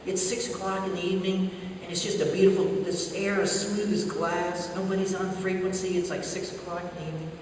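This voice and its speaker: Talking fairly quickly in a high-sitting voice, a man entertains a large conference hall with a comic keynote full of animated anecdotes and imitated radio voices. The recording carries hall echo, some hiss or hum, and distance from the mic.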